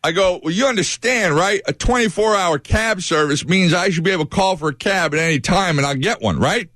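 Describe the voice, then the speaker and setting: A man's voice: sits high, a little fast, no echo, studio quality. A man hosting a morning radio show, telling a story with energy and acting out what each person said. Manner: animated storyteller who acts out quoted voices.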